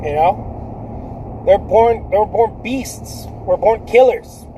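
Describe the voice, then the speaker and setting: Swaggering artist guy, high voice, loud and cussing, faint traffic hum outside. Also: takes it slowly, rough recording. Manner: loud, swaggering and profane, with bursts of laughter. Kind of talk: motivational vlog talk.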